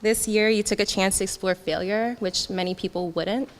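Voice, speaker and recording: A woman's voice: mid-range voice, fairly even intonation, normal speed. A young woman giving a heartfelt graduation speech, laughing often and getting emotional as she thanks her classmates. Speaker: graduating student speaker. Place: graduation ceremony hall. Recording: long hall reverb.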